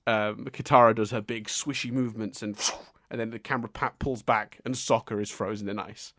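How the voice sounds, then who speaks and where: A man co-hosting a casual podcast, animated and laughing often as he acts out his exasperated reactions. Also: fairly low pitch, a little fast, no room sound, clean studio sound. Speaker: podcast co-host.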